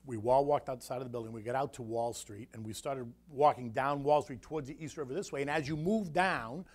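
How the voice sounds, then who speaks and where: A middle-aged man telling a story to an audience in an animated, conversational way, often checking in with the listeners. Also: medium pitch, brisk. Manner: animated, conversational, frequent "right?" asides. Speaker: guest speaker.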